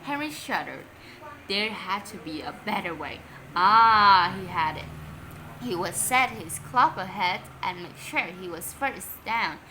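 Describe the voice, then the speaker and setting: A woman, a native Vietnamese speaker, reading a children's story aloud in an expressive, unhurried way. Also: mid-range voice, slight background noise, poor audio.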